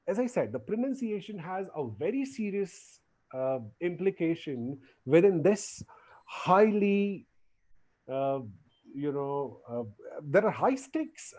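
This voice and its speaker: A man giving an academic lecture as guest lecturer, animated, often repeating his words and acting out quotes. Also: on the high side, dull audio.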